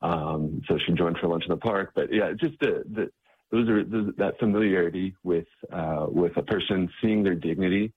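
A man being interviewed as a charity staff member, speaking in a halting way and repeating words, heard over a tinny phone-like line. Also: low-pitched, breathy edge. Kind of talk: interview conversation.

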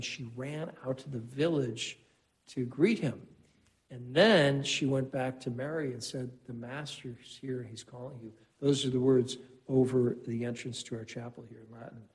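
A priest reading the Gospel and then giving a conversational homily in church, telling stories with casual asides. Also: male voice, mid-range voice, darkish tone, poor audio.

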